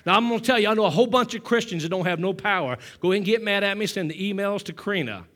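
A male pastor preaching a sermon with call-and-response, swinging from hushed storytelling to loud exhortation, short of breath. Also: high-pitched, racing.

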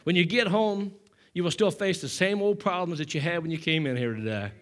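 A male pastor preaching a sermon with call-and-response, swinging from hushed storytelling to loud exhortation, short of breath. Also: sits high, fairly quick.

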